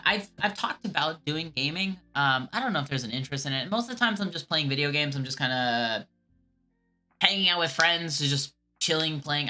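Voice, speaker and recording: A woman's voice: sits low, bright, forceful tone. A woman streamer casually rambling through chat questions in a laid-back way, a voice she calls whiny. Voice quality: calls her own voice whiny.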